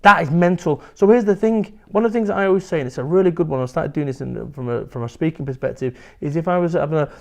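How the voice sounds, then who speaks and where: Guy in his 40s, blunt, animated, swears a lot, a bit higher voice than most. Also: fast, gravelly, hardly any pauses. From England. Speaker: guest, motivational speaker. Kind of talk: candid interview talk.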